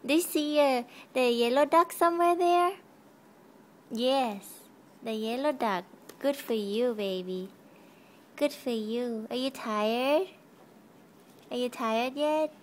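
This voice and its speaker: A woman's voice: fairly high pitch, slow, long pauses, slight background noise. A young woman reading a picture book to her baby at home, asking patient, coaxing questions in a sing-song voice. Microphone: handheld camera.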